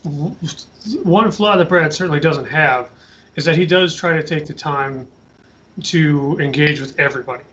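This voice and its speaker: A man's voice: on the high side, moderate pace, fairly bright tone. A man hosting a podcast, asking easygoing questions in a casual chat. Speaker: podcast host. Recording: dull lo-fi audio.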